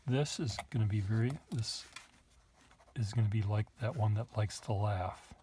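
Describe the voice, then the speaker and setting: A pen collector shows off nibs to the camera in a casual show-and-tell, musing aloud and dropping little asides as he writes at his desk. His voice is lowish and mellow, with a moderate pace and a faint hiss or hum in the recording.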